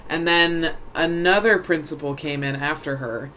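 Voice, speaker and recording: A woman's voice: sits low, moderate pace, a bit bright, slight background noise. A young woman co-hosting a podcast, telling blunt, swear-filled stories in casual chat. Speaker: podcast co-host.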